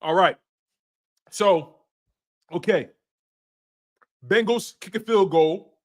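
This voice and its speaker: Emphatic high-voiced male sports host. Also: slow pace. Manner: emphatic, repeats key points, casual slang. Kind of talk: casual game recap.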